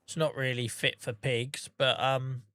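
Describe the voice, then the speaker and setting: A man chatting casually on a gaming livestream, calling viewers by name and humming little tunes between remarks. His voice is bright and forward, and it sounds dry and close. He sounds relaxed. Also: medium pitch, a little slow, clean tone, dry recording. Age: adult with a day job. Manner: chatty, talks to viewers by name, hums to himself. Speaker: streamer.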